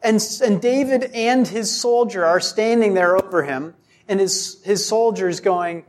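Slow, high-voiced male preacher. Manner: deliberate, rhetorical questions, acts out scripture quotes. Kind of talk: sermon.

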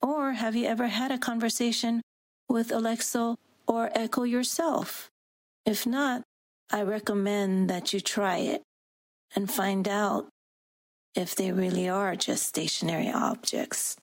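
A woman co-host reading a scripted podcast intro in a playful, sultry, breathy way. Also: a little high, steady tone, measured pace, no room sound.

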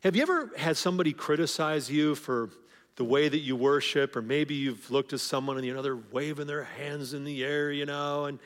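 A male pastor with a fairly high voice and a brisk pace preaches a sermon in a conversational way, frequently repeating words at the start of phrases. He's in a church sanctuary, and long hall reverb colors the recording.

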